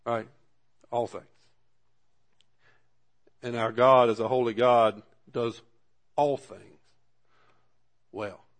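A man preaching a sermon, talking through scripture in an earnest, conversational way, with swelling emphasis and drawn-out words at key moments. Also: medium pitch, fairly even intonation. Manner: earnest, conversational asides to the congregation. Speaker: pastor.

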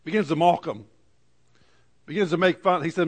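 A man's voice: on the high side, moderate pace. Man preaching a dramatic sermon. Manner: dramatic scripture reading with lively asides and stammered restarts. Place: church in front of a congregation.

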